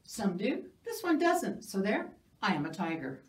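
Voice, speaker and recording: A woman's voice: medium pitch, huge pitch swings, measured pace. A woman voicing a small, stubborn storybook mouse who keeps insisting it is a tiger, recorded in a roomy space from a distance. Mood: insistent. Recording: roomy sound from a distant mic.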